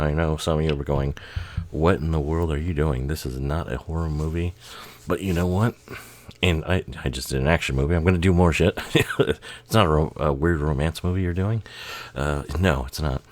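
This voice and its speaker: Super low-voiced guy, kinda tipsy and tired, rambling and cussing through a video commentary. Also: no echo. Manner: rambling, swearing, laughing a lot. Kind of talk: casual commentary over a music video.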